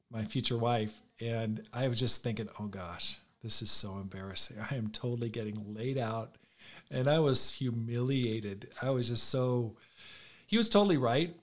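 A middle-aged man giving a sermon as a pastor, telling a personal story and acting out the dialogue. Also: mid-range voice. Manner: conversational storyteller, acts out quoted dialogue.

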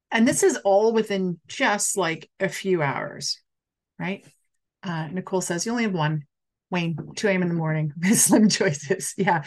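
A middle-aged woman coach talking candidly on a live stream, reading out viewer comments and acting out her own past worries. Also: mid-range voice. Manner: candid, expressive, acts out her own quoted thoughts.

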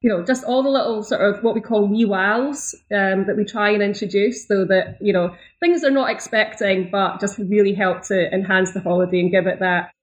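A Scottish woman talking as an interview guest, her voice sitting at an ordinary middle pitch. She chats freely, doubles back on her phrases and breaks into easy laughs. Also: fairly even intonation, normal speed, few pauses, poor audio. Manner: chatty, restarts phrases, laughs easily. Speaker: guest, travel business owner. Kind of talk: conversational interview.

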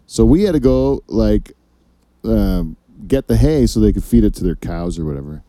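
A man's voice: lowish voice, expressive, moderate pace, dark tone, no echo. A man hosting a casual comedy podcast, telling long rambling stories full of swearing. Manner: rambling, profane storyteller. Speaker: podcast host.

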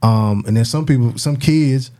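A man's voice: mid-range voice, moderate pace. A man co-hosting a podcast, chatting casually. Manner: relaxed, storytelling, lots of "you know what I'm saying". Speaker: podcast co-host. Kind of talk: casual chat.

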